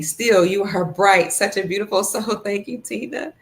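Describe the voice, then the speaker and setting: A woman's medium-pitched voice moves at a normal speed with barely any pauses as she chats casually on her livestream. Slightly congested and fasting, she greets viewers by name and goes through their comments.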